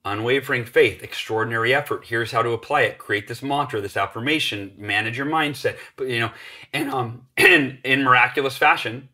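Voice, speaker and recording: Bright-voiced man telling a story. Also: mid-range voice, a little fast. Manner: acts out voices in his stories, energetic. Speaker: podcast guest. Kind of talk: animated storytelling.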